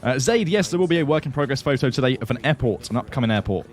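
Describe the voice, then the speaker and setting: A man's voice: medium pitch, animated, rapid-fire, soft background music. Chatty man hosting a flight sim stream. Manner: chatty, laughs often, answers chat questions. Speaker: livestream host flying a flight simulator. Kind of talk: casual livestream commentary.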